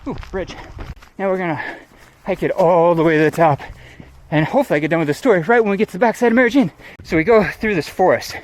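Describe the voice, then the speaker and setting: A middle-aged man telling a lively, casual story on an outdoor trail and acting out his friends' voices. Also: high-pitched, fast talker. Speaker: trail runner vlogger. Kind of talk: casual storytelling while running. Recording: noisy outdoor recording.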